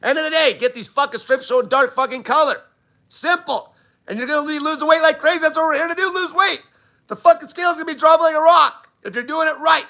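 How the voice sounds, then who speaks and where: A man's voice: very high-pitched, fast talker, sharp tone. A man hosting a live diet Q&A, talking bluntly and swearing constantly in an emphatic rant. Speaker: diet channel host.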